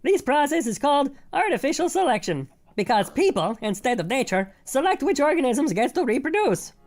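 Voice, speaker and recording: A text-to-speech voice doing a creepy cartoon bear that recites textbook lines in a high, steady tone. The reading is flat and even, with no pauses for effect.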